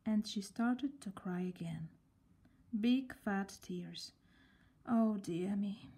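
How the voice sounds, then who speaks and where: Soft slow woman reading a children's story. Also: medium pitch, husky. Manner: gentle, often near a whisper. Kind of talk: children's story read-aloud.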